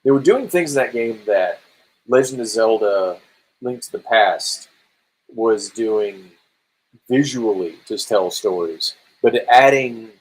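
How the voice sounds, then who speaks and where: A man's voice: on the low side, slightly rough, low-quality recording. A man co-hosting a casual podcast about video games, telling stories and acting out quoted lines. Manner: animated storytelling, acts out quotes. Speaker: podcast co-host.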